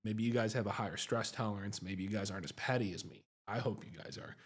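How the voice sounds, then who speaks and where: A man's voice: fairly low pitch, fairly even intonation, fast talker. A man, a psychiatrist hosting a livestream, telling a story in a chatty, self-mocking way and often asking "right?".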